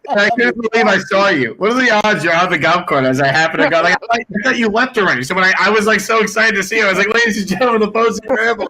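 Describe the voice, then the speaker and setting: A man's voice: high-pitched, lively intonation, fast talker, hardly any pauses, sharp tone, poor audio. A man co-hosting a casual live-stream chat, teasing and laughing often. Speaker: co-host.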